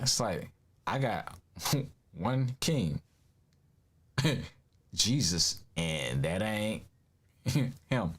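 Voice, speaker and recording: Animated man with lively pitch swings. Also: slow pace, pauses often. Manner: animated, emphatic, laughs often, slangy. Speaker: commentator. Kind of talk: casual reaction commentary.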